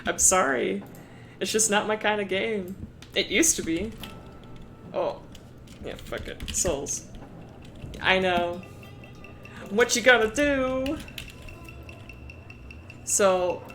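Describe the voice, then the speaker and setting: A woman's voice: medium pitch, slow, creaky, pauses often, a bit bright, soft background music. A woman streaming casually, rambling about her worldbuilding with frequent laughter and swearing.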